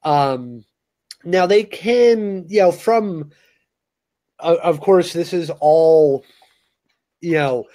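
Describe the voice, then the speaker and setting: A man's voice: on the high side, drawn-out words, long pauses, warm tone. A man co-hosting a casual podcast, explaining things steadily with lots of "you know" fillers. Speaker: co-host.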